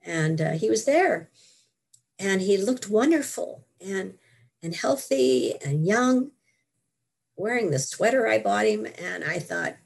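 Gravelly older woman telling her story. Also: medium pitch, takes it slowly. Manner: animated storytelling, laughs often. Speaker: guest author. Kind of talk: interview storytelling.

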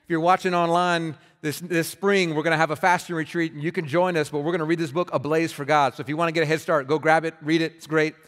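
A man's voice: fairly high pitch, flat delivery, quick pace, hardly any pauses, a bit bright. A man preaching a sermon as pastor, earnest and conversational, often restarting his words. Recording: reverberant hall.

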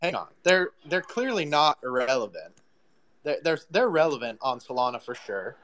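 Bright-voiced man hosting a casual chat. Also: on the high side, big pitch swings, moderate pace, dry recording.

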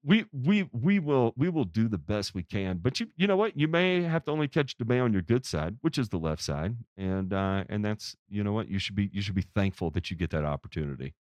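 A man's voice: fairly low pitch, a little fast, hardly any pauses, no room sound. Playful Tennessee man hosting live calls. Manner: joking, playful, animated. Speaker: fill-in host. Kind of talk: live call-in show banter.

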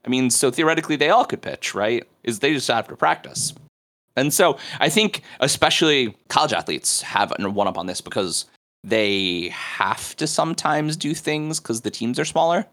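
A man's voice: mid-range voice, lively intonation, normal speed, fairly bright tone. A man on a sports talk panel, speaking in an emphatic, chatty way.

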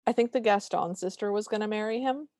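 A woman in the middle range of pitch, recapping a film over a dry, close microphone with no room sound. She talks casually and playfully and slips into goofy character voices as she retells scenes. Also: a little mellow, dry recording. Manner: playful, quick to jump into silly voices while retelling scenes. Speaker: podcast co-host.

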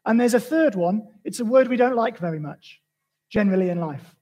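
Male pastor, husky and fairly high, chatty animated sermon delivery. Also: a little fast, rough recording. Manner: animated storytelling, conversational.

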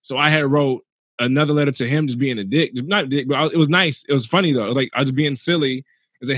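A man's voice: mid-range voice, quick pace, fairly bright tone, slightly rough, no echo, studio quality. A male comedian in casual chat, telling a rambling story in a laid-back way.

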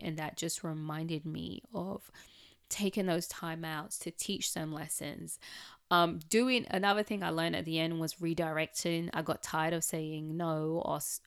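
A woman's voice: low voice, fairly even intonation, a little slow, clean tone. A woman reflecting on raising her nieces in candid personal chat, with plenty of "like" and "um". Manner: candid, chatty, with frequent "like" and "um".

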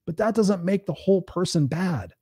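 A man's voice: sits high, animated, moderate pace, mellow, slightly rough, dry recording, studio quality. A man hosting a live stream, giving a blunt, preachy motivational talk in a casual, conversational way and swearing freely.

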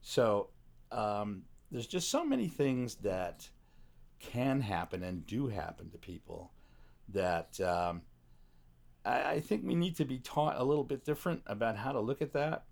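A man's voice: mid-range voice, big pitch swings, a little slow, vocal fry, a little mellow. A middle-aged man in casual conversation, reflective and blunt, swearing now and then, speaking from the back room of a recording studio. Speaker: guest.

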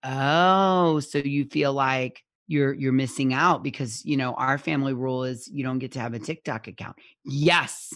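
A woman guest speaking as a parenting expert in a conversational interview, animated and acting out little quotes, often checking in with "right?". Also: a bass voice, moderate pace, hardly any pauses, dry recording, clean studio sound. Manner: animated, acts out parent and child quotes, keeps asking "right?".

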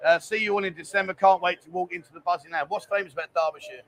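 A man with a London accent co-hosts a casual live chat show, reading out viewer comments with jokey banter. His voice sits high for a man and the words tumble out fast. He sounds a little rough from a hangover. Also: fairly even intonation, fairly bright tone. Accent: London English. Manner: jokey banter, quick and chatty. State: hungover. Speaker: co-host of a livestream.

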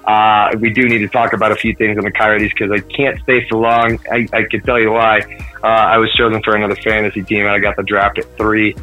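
A man's voice: on the low side, flat delivery, a little fast, pushed and bright, faint music behind, low-quality recording. A man in casual sports podcast chat, rambling with many fillers and restarts. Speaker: podcast co-host.

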